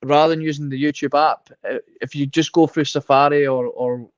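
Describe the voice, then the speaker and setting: Relaxed Scottish man on a dull mic. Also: a little high, a little fast, no echo. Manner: relaxed, hesitant restarts. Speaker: podcast co-host. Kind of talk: casual live podcast chat.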